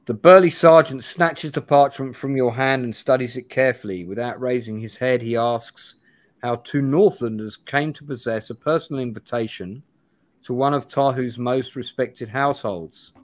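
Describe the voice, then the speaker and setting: A man's voice: mid-range voice, normal speed. Man reading a gamebook aloud. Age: 40s. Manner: reads aloud with frequent restarts and asides. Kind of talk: live gamebook play-through.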